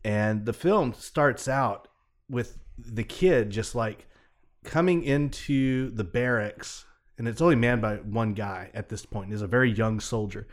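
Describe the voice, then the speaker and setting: A man's voice: fairly low pitch, unhurried. A man on a podcast panel, telling a long rambling story and acting out the quotes. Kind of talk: casual chat.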